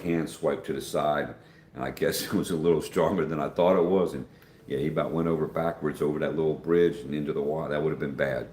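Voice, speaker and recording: A man with a bass voice and darkish tone hosts a casual livestream, chatting folksily, reading out viewer comments and calling everyone "man" or "dude." The sound is roomy.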